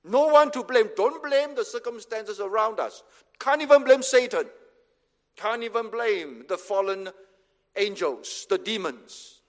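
High-voiced, slow, emphatic man preaching. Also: lively intonation. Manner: emphatic, measured, repeats phrases for stress. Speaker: pastor. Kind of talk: sermon. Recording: long reverb of a hall.

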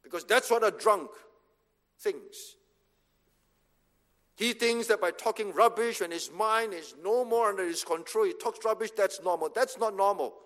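A man's voice: sits high, a little slow, fairly bright tone. A man preaching a sermon as pastor, driving points home with short repeated commands. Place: church hall. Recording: reverberant hall.

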